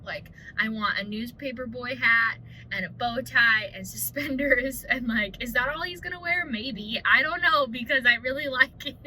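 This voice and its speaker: A young woman vlogs in a candid, rambling way, dropping swear words and plenty of fillers. Her voice sits fairly high. Steady noise runs behind her. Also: moderate pace, poor audio. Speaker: vlogger. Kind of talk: casual chat. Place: home at night.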